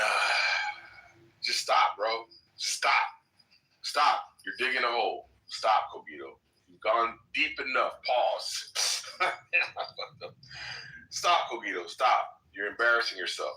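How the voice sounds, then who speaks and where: Man, heated stream debater, sharp bright tone, taunting and repetitive, sits back from the mic. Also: mid-range voice, distant mic, poor audio. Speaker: live stream debate participant.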